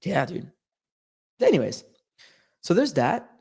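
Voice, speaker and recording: A man's voice: high-pitched, wildly swooping pitch, slow pace, a little mellow, slightly rough. A man hosting a casual livestream, talking in a loose, slangy way with lots of fillers. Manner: loose, slangy, restless talk with many fillers. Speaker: host.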